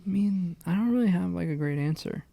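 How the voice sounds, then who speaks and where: A man's voice: high-pitched, fairly quick, gravelly, mellow, slight background noise. A young adult man chatting casually on a podcast, laid-back and hesitant, filling his talk with "like". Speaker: podcast co-host, pro player.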